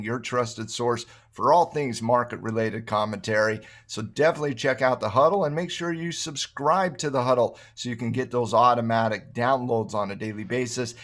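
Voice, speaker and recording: Male co-host, enthusiastic and rambling promo talk, mid pitch. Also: fairly bright tone. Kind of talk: casual promo chat.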